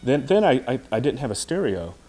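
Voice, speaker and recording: A man's voice: medium pitch, big pitch swings, brisk, a little mellow. A man telling rambling anecdotes about his life as an artist, chatting as a guest on a podcast interview. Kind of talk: casual anecdotal storytelling.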